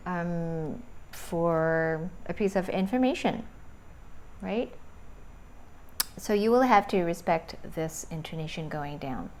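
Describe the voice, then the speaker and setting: A woman gives an English lesson in a measured, unhurried voice, pitched a little low. She talks slowly and deliberately, demonstrating intonation with example questions. Faint background noise sits under the recording. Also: a little mellow. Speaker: English teacher. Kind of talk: video lesson.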